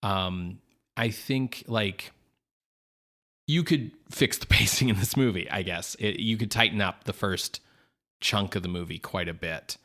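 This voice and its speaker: A man with a fairly low voice, co-hosting a film podcast in relaxed conversation. He agrees easily and lays out his reasoning step by step, often checking in with "right?". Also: measured pace. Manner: easygoing, agreeable, explains his points with "right?". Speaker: podcast co-host. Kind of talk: casual film discussion.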